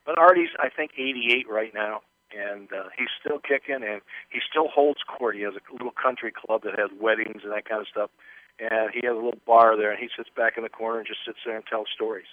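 A man's voice: on the low side, fairly quick, no room sound. An older man, a former football player, telling rambling anecdotes as an interview guest, with many restarts. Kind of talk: casual interview storytelling. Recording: tinny phone line.

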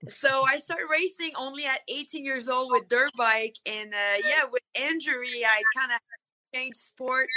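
High bright French-accented woman. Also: normal speed, low-quality recording. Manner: hesitant, many fillers. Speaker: guest, monster truck driver. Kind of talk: casual radio interview.

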